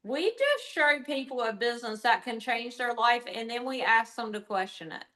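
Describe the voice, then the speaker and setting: A woman's voice: fairly high pitch, expressive, normal speed, sharp tone. A woman giving blunt, commanding sales coaching in a direct, no-nonsense way. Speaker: sales team trainer. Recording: roomy echo.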